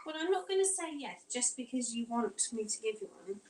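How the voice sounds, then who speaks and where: A chatty mum talks to her viewers while she potters around the kitchen, her throat sounding tight and strained. Her voice sits a little high for a woman. The mic is set some way off in an echoey room, with a faint hum of home noise behind her. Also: lively intonation, a little fast, darkish tone, far from the mic. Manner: chatty, rambling, reads out live comments. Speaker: vlogger. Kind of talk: casual chat while doing housework.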